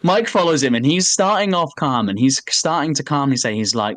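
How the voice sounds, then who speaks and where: A man on a podcast, chatting casually and telling an animated story full of swearing and "like" fillers. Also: a little high, fairly quick, hardly any pauses, no room sound. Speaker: podcast co-host. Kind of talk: casual chat.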